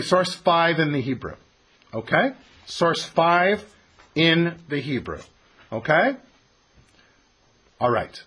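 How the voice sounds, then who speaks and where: Male teacher for a text study class, lively and emphatic, a bit husky, quizzes the room as he explains. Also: a little high.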